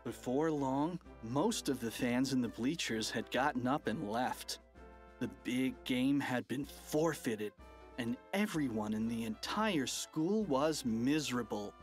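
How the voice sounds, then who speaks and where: A narrator reading a children's audiobook with an animated, playful delivery. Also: medium pitch, measured pace, soft background music.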